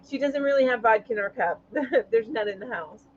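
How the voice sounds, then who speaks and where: A woman with a high voice hosts a relaxed live chat, greeting viewers one after another and laughing easily between thoughts. The audio is somewhat dull and lo-fi. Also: normal speed, slight background noise. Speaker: livestream host.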